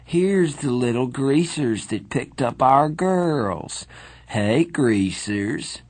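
A man voicing a drunk, sneering teenage gang bully who taunts in a slow drawl. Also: mid-range voice, lively intonation, a little mellow, husky, no room sound, pitched above the performer's own voice, exaggerated voice.

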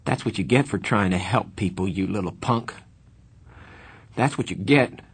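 A man's voice: lowish voice, normal speed, breathy edge. A man reading a novel aloud, voicing a tough teenage hoodlum who talks with tense, breathless urgency. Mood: anguished.

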